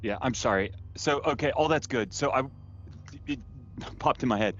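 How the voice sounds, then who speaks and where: A man co-hosting a podcast who jumps in with quick, casual remarks. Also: medium pitch, fairly bright tone, highs cut off, a little hiss or hum. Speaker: podcast co-host.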